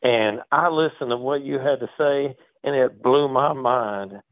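Animated male caller on a tinny phone line. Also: medium pitch, measured pace, no echo. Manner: animated, slangy, repeats words, acts out quotes. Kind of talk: casual call-in rant.

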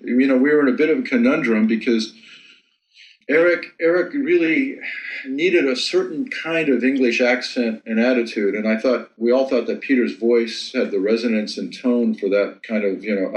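A man's voice: medium pitch, normal speed, roomy sound, low-quality recording. A man with an American accent, a filmmaker talking casually in an interview, often repeating words as he thinks. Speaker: filmmaker guest.

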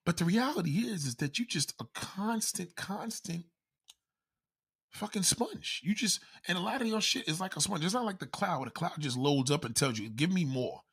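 A man ranting in a loud, profane, comedic style, constantly swearing and acting out quoted voices. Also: sits high, animated, moderate pace, breathy edge.

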